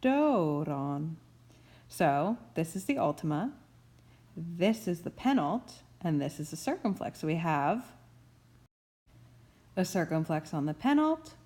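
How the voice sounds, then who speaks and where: A woman's voice: lowish voice, sing-song, unhurried, long pauses, a little mellow. A woman professor giving a recorded grammar tutorial, explaining each rule patiently and methodically and repeating key terms.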